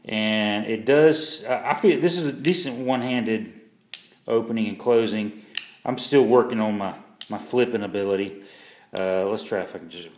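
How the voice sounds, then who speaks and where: A man's voice: on the low side, moderate pace, a little mellow, reverberant. Rambling man reviewing a cheap knife. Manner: rambling, self-deprecating, many fillers and restarts. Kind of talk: casual product review vlog.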